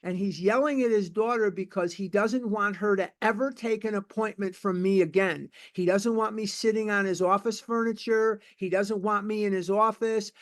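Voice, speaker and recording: An older man in his seventies, with a notably high-pitched voice, tells his own recovery story at a meeting. He talks bluntly and with emphasis, circling back to repeat key phrases. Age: 70s. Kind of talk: personal testimony at a recovery meeting.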